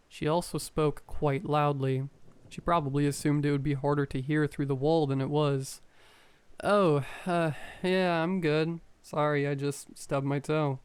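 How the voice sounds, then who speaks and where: Smooth-voiced man narrating horror. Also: fairly high pitch, darkish tone, no room sound. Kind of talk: scripted first-person horror narration.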